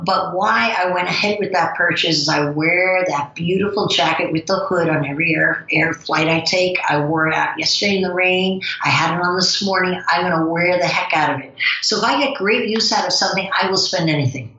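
An older woman with a New Jersey accent talks with a bright, forceful edge and a somewhat low voice. She is emphatic and animated, and her pitch jumps up high. The sound is roomy and a bit dull, like a remote call. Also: fairly quick, hardly any pauses. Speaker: guest. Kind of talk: podcast interview, casual chat.

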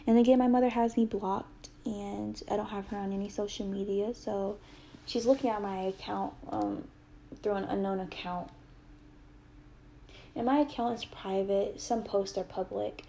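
Brief: young woman, gravelly voice, earnest storytime, faint room hum. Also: medium pitch, fairly even intonation, moderate pace, dark tone. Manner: earnest, heated retelling with quoted dialogue. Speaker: mother telling a personal story. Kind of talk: emotional personal storytime.

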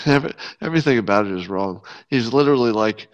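A man's voice: medium pitch, animated, fast. A man hosting a podcast in casual solo commentary, wry and sardonic, often restarting sentences. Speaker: podcast host. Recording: dull lo-fi sound.

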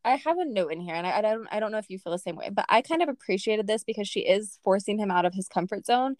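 A woman's voice: mid-range voice, quick pace, no room sound, clean studio sound. Chatty young woman reviewing a book. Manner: animated, laughing, many "like" fillers. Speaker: podcast co-host. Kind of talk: casual book-review chat.

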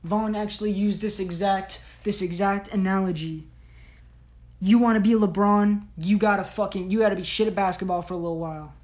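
A woman's voice: mid-range voice, fairly even intonation, a little fast, a little mellow. A woman hosting a solo podcast, giving blunt, profane, slang-heavy tough-love talk. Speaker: podcast host.

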